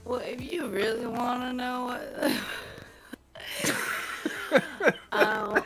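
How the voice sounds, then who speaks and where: A man joking around in casual chat, his voice run through a voice changer that sounds like a cheap radio. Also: music in the background. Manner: giggly, joking, drawn-out. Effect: voice changer, low-quality radio sound. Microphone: desk microphone through a voice changer.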